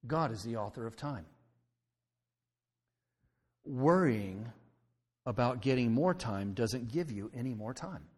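A male pastor delivers a sermon in a conversational way, pausing often to check in with the congregation. His voice sits at an ordinary middle pitch. The sound carries a long reverb from the church hall. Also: lively intonation, a little mellow, husky. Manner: conversational preaching, frequent "okay?" check-ins. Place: church sanctuary.

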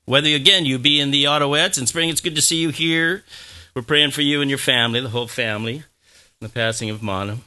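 A man's voice: medium pitch, fairly even intonation, fast, sharp tone. A middle-aged man preaching a sermon as pastor, talking in a conversational way, repeating phrases and having the congregation say words back.

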